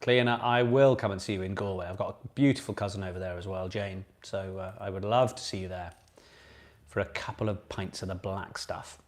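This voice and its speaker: A man's voice: sits low, fairly even intonation, fairly quick. A man hosting a casual online pub quiz. He talks in a chatty, jokey way, repeats each question and reads out comments from viewers. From Britain.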